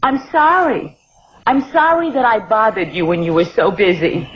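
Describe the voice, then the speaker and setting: A woman's voice: medium pitch, normal speed, close to an everyday voice. A woman playing a nagging, doting mother. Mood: guilt-tripping. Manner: wheedling and guilt-laying. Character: doting, nagging, guilt-tripping middle-aged mother. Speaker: comedy performer. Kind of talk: comedy sketch dialogue. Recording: dull old comedy record with audience laughter.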